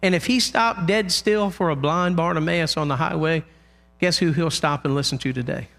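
A man preaching a sermon in a church, impassioned, loudly crying out the lines he quotes. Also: a little high, moderate pace, vocal fry.

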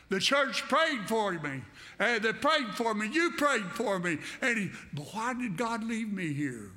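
A man preaches a sermon with a high, bright and forceful voice. He speaks fervently and directly to the congregation, driving points home by repeating his phrases. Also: sing-song, unhurried.

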